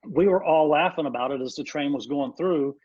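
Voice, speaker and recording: A man guesting on a podcast, telling animated anecdotes and laughing often, with a dull lo-fi sound. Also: fairly high pitch, fairly quick, breathy edge, no echo. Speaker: guest, former band drummer. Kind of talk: casual storytelling in a podcast interview.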